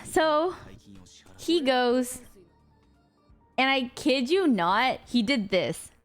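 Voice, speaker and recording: A woman streamer casually telling a story to her chat, animated and laughing often, acting out the lines of the people in it. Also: sits high, drawn-out words, soft background music. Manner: animated, acts out quoted lines, frequent laughter. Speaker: rideshare driver.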